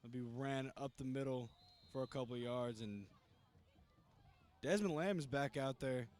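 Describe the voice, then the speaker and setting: A man co-commentating a high school football game outdoors in a casual, upbeat way. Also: normal speed, darkish tone. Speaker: color commentator. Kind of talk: sports commentary.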